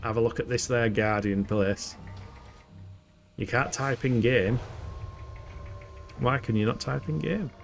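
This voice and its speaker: A man's voice: mid-range voice, steady tone, unhurried, gravelly, pauses often. A man giving chatty live commentary as he streams a game, often swearing, laughing and poking fun at himself. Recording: game music playing underneath. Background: game music.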